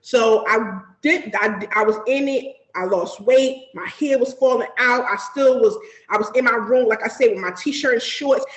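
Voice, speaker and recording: Woman, slightly high voice, animated and profane storyteller who acts out quoted voices; echoey room. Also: normal speed. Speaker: podcast guest. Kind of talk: casual storytelling chat.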